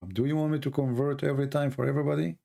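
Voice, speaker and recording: A man hosting a casual livestream, rambling and animated, often mocking people in put-on voices. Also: medium pitch, rapid-fire, gravelly. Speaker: livestream host.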